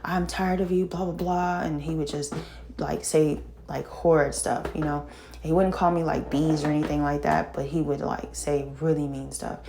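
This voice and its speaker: A middle-aged woman telling a painful personal story in casual talk, halting and full of fillers and restarts, sighing and shaken. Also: deep voice, flat delivery, vocal fry, noisy background. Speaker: vlogger telling her own story.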